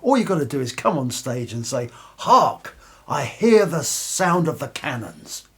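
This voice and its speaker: A brisk male theatre director laying out simple instructions, as a man tells him in a joke. The voice is husky and lively. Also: a little high, exaggerated voice.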